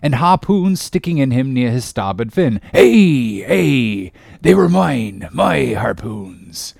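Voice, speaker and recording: A gruff old whaling captain with one leg and a single obsession, as a narrator puts him on, barking archaic sea talk. His voice is low and gravelly, and the delivery swings widely. The recording is close and dry. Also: sing-song, unhurried, no room sound, full character voice. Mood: intense. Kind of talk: audiobook character voice.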